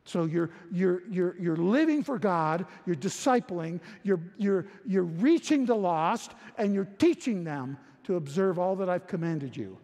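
Brief: male pastor, emphatic sermon delivery, raised pitch, echoing hall sound. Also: a little mellow. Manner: emphatic preaching with frequent repetitions and restarts.

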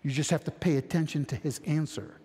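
A man's voice: on the high side, steady tone, brisk, dark tone, husky, long reverb tail. A man preaching an expository sermon in a conversational, earnest manner, reading scripture aloud, asking rhetorical questions and voicing imagined objectors. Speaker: pastor.

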